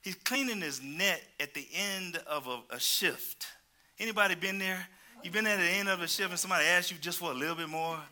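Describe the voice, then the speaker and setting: Give me a man preaching a lively, joking sermon with a slightly higher, bright voice. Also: a little fast. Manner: conversational, joking, questions the congregation.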